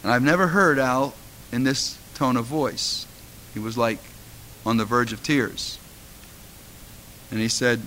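A man's voice: medium pitch, measured pace, long pauses, sharp tone, slight background noise. A middle-aged man, a pastor, delivering a sermon with impassioned storytelling that rises to fervent exhortation.

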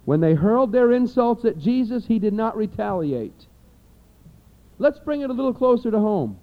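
Animated high-voiced male preacher, lo-fi. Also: moderate pace. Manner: animated, acts out everyday scenes in voices. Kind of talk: sermon. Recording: dull lo-fi recording.

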